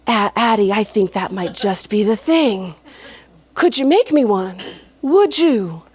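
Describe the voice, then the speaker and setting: A woman storyteller voicing a charming, courteous wandering cowboy who speaks slowly and smoothly. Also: mid-range voice, animated, darkish tone. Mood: hopeful. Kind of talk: live oral storytelling.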